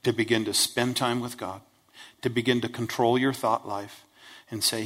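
A man's voice: medium pitch, flat delivery, moderate pace, a bit bright. A man preaching a conversational sermon as a pastor, plain-spoken and folksy, who keeps checking in with his listeners. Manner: keeps checking in with listeners with "right?", "okay?" and "Amen?". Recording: long hall reverb.

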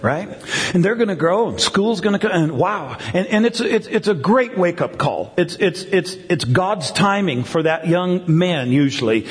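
A man's voice: high voice, animated, normal speed. A middle-aged male pastor giving a conversational sermon, often repeating words and asking the crowd "right?". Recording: long hall reverb.

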